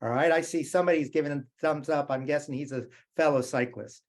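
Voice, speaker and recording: A man's voice: fairly high pitch, fairly even intonation, fast talker. A middle-aged man from the United States giving a motivational keynote, telling stories in a conversational way and asking the audience questions. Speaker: keynote speaker.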